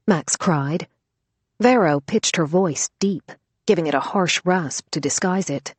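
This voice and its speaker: A woman narrating an audiobook thriller in a brisk, lively storytelling manner. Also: low-pitched, breathy edge, no echo.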